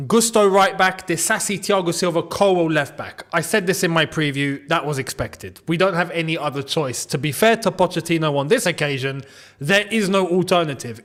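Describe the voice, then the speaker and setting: A young man hosting a live football watchalong, chatty and quick to laugh as he talks to his viewers. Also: high voice, fairly bright tone. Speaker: football channel host.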